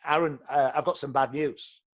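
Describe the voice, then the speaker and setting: A man's voice: fairly high pitch, steady tone, normal speed, close to an everyday voice. A man voicing a male fire brigade officer who breaks bad news in a matter-of-fact, hesitant way. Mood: grave.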